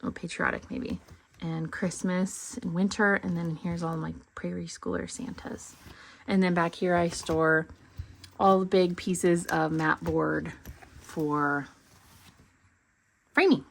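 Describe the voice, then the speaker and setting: A woman's voice: fairly low pitch, animated, slow pace, gravelly, slight background noise. A woman vlogger giving a casual tour of her home craft room, chatty and a little out of breath. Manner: chatty, with frequent ums and trailing asides. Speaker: cross-stitch vlogger.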